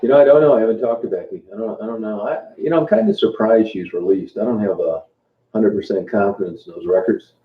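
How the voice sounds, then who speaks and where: Through tinny, phone-like audio in an echoey room, a fairly low-voiced man hosts a livestream. He talks casually to his viewers in a relaxed, halting way, with lots of fillers, trail-offs, and restarts.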